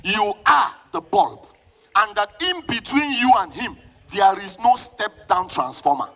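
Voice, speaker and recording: A man with a Nigerian accent preaching a live sermon at a church service, fervent and often shouting, calling on the congregation to answer him. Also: high voice, big pitch swings, measured pace. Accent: Nigerian English.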